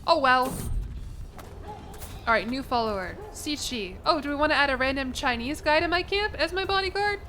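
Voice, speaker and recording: With faint background music, the young streamer comments on her gameplay in a high-pitched voice at a moderate pace. She swears freely, gets excited, and mocks herself in a casual way.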